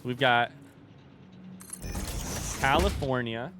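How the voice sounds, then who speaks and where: A young man from the United States chatting casually while playing a game on a livestream, thinking out loud in a rambling, distracted, self-deprecating way. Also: mid-range voice, extremely slow, noisy background. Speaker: streamer.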